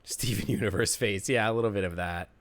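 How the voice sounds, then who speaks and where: A man's voice: lowish voice, a little fast, fairly bright tone, no room sound. A man commentating a game on a live stream, playful and joking. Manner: playful, joking, laughs often.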